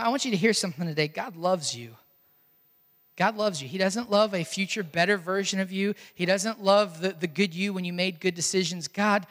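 A man preaching a sermon as a pastor, earnest and emphatic, repeating key phrases with pauses. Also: high-pitched, pushed and bright, big-room sound.

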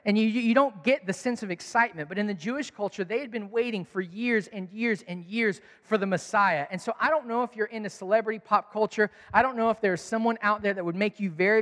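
A male pastor with a high-pitched voice preaches in a large hall, telling stories with animation and acting out the quotes himself.

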